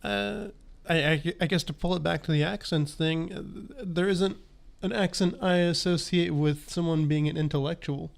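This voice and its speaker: Guy cohosting a comedy podcast, kinda high voice, hesitant and halting, lots of ums. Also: steady tone, vocal fry. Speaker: podcast co-host. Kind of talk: casual chat.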